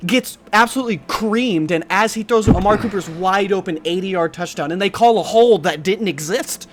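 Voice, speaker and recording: A man's voice: high voice, normal speed, slight background noise. A man from Ohio co-hosting a casual sports podcast, joking and cursing with heat. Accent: Cleveland, Ohio. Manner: profane, joking, heated. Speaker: podcast co-host.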